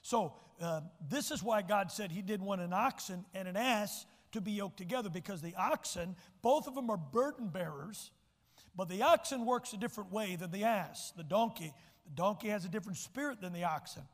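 In a church sanctuary with hall reverb, a man preaches a sermon as pastor, folksy and emphatic, frequently repeating words as he restarts. His voice is high-pitched and his pace moderate.

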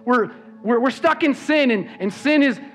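A man's voice: very high voice, expressive, normal speed. A man preaching a sermon as pastor, emphatic and repeating words when he stresses a point. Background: soft worship music.

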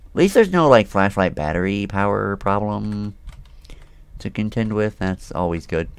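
A man's voice: lowish voice, animated, normal speed, clear, resonant tone, no echo. A man playing a horror game and talking to himself, jumpy and swearing, breaking into nervous laughter. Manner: talks to himself while playing. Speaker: gaming video host. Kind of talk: casual horror game commentary.

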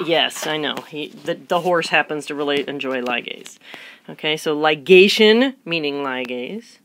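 A woman recording a biology tutorial lecture in a playful, chatty way. She fires off rhetorical questions, answers them herself, and puts on mock excitement. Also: deep voice, a little slow. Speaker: biology instructor.

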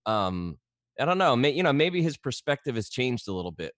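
A man's voice: medium pitch, sing-song, a little fast, a bit bright, no echo, studio quality. A man co-hosting a sports radio show, talking thoughtfully with hesitant fillers. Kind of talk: casual sports talk.

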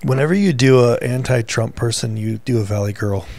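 A man's voice: mid-range voice, a little fast, gravelly, a little mellow, a little hiss or hum. A man co-hosting a casual faith podcast, teasing his co-host and reading news headlines aloud in a playful quiz. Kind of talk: casual chat, quiz game.

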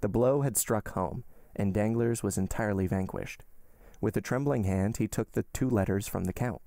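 A man narrating a classic novel aloud as a podcast host, in a steady, measured reading. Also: fairly low pitch, dry recording, studio quality. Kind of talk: audiobook narration.

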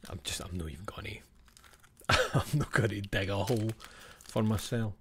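A man's voice: fairly low pitch, moderate pace, a bit bright, a little hiss or hum. A Scottish man chatting casually with his stream viewers, swearing and laughing, and often dropping to a whisper for asides.

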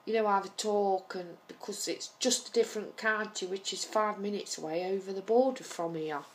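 A woman's voice: medium pitch, normal speed. A woman from Nottingham with a Nottingham accent, chatting casually to camera in a rambling, hesitant way full of ums. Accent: Nottingham English. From Nottingham, England. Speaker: vlogger.

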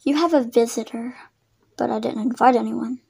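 A woman voicing a gentle, vague mother in a toy animal roleplay video, hesitant and trailing off. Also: on the high side, fairly even intonation, moderate pace, creaky, breathy edge.

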